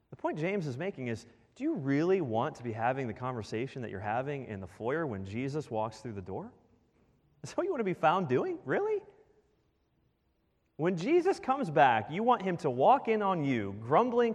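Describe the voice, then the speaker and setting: A male pastor preaching a sermon in a church, animated and full of rhetorical questions to the congregation. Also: medium pitch. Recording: long reverb of a large hall.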